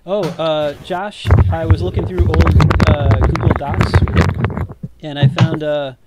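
A man chatting casually before a tabletop game, teasing and animated, with quick asides on a video call. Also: a little high. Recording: loud noise on a video call.

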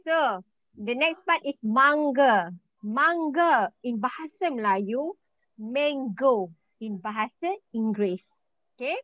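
A Malaysian woman whose first language is Malay, teaching an online Malay lesson in English and slowly repeating words for her students. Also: high-pitched, expressive, no room sound, dull audio.

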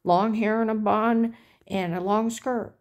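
A woman's voice: mid-range voice, steady tone, a little slow, a little mellow. A middle-aged woman telling a rambling personal story in an aggrieved, indignant way. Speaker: vlogger.

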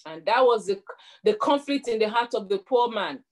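A woman's voice: medium pitch, lively intonation, normal speed. A middle-aged woman preaching a sermon, telling a story and leading prayer in an earnest way, often repeating words as she builds her points.

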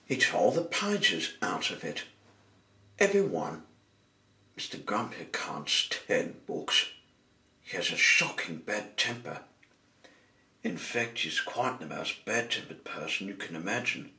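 A man narrating a children's story, expressive and asking the listener questions along the way. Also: low voice, unhurried.

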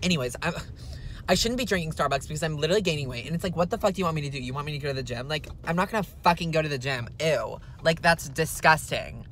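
A man's voice: on the high side, expressive, fast, a bit bright, slight background noise. A man playing a spoiled, foul-mouthed, entitled rich young woman in a comedic parody vlog, whining in a valley-girl drawl full of "like" and swearing from inside a car. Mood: whiny, annoyed.

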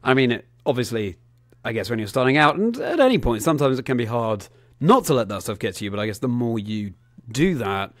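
A man hosts a podcast interview, speaking in a measured, supportive manner. His mid-range voice comes through dry and close, with no room sound. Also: mid-range voice, sing-song, no echo. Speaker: podcast host. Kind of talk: casual interview chat.

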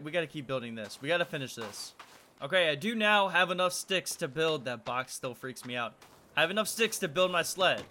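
A man's voice: fairly high pitch, noisy background. A young man hosting a let's-play video, nervously talking to himself as he plays. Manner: nervous, talks to himself while playing. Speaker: gaming video host.

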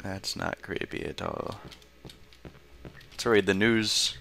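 A man's voice: fairly low pitch, fairly even intonation, unhurried, vocal fry, sharp tone. A man giving casual, sarcastic commentary while playing a video game, talking back to the game. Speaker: let's play gamer.

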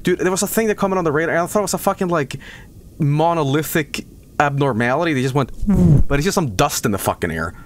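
A man's voice: a little high, lively intonation, fast talker, a little hiss or hum. A man streaming a game, chatting casually as he plays, rambling and joking, swearing often. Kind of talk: casual live-stream commentary.

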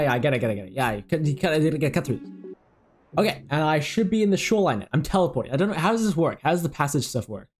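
A young man giving excitable, swearing gameplay commentary while he plays, talking to himself. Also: fairly high pitch. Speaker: gaming video creator.

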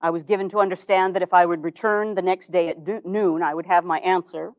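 A woman playing an earnest 1860s reformer, telling her story in a first-person historical monologue with formal, measured diction. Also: on the low side, fairly even intonation, dry recording, lo-fi sound, close to an everyday voice. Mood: recounting. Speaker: historical reenactor.

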